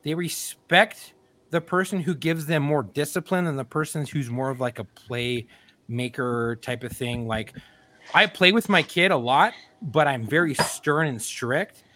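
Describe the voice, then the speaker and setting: A man with a somewhat high voice co-hosting a podcast. He talks bluntly and crudely, laying out his opinions in loose banter. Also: measured pace, bright, forceful tone, slight background noise. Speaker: podcast co-host. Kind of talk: casual banter.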